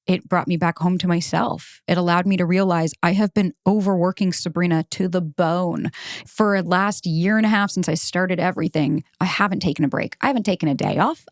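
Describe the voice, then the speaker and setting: Woman host, 30s, candid and profane, low-pitched, dry close mic. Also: no room sound. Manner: candid, swears freely, animated bursts. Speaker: dating coach and podcast host. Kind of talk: casual monologue to listeners.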